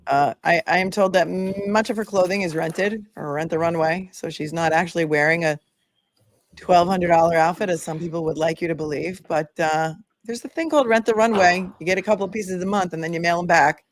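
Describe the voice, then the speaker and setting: A woman's voice: on the low side, a little fast, a little hiss or hum. A woman in her forties hosting a casual livestream, chatting and reading viewer comments aloud. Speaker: legal commentary livestream host.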